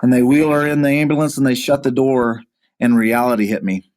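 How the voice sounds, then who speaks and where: A pastor being interviewed, earnestly recounting a hard personal story, often halting and repeating words as he goes. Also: medium pitch, steady tone, darkish tone. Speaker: pastor, podcast guest.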